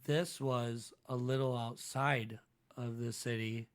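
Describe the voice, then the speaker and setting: A man's voice: medium pitch, steady tone, slow, smooth. A young man hosts a casual podcast chat in a laid-back way, at times reading news reports aloud. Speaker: podcast host.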